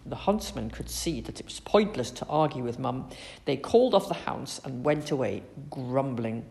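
A woman reading a children's story aloud in an expressive, animated way. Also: very deep voice, normal speed, gravelly.

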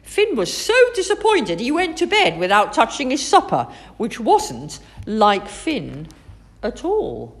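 A woman reading a children's story aloud in an expressive, sing-song way. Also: on the high side, takes it slowly.

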